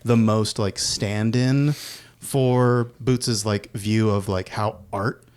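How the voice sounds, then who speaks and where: A man co-hosting a podcast, talking films in a relaxed, conversational way. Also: lowish voice, slow pace, clear, resonant tone. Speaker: podcast co-host. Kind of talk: casual film discussion.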